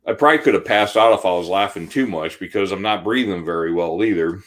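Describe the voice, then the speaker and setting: A man in his forties, co-hosting a podcast, telling an animated, laughing personal story in casual chat. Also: low-pitched, fast talker. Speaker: podcast co-host.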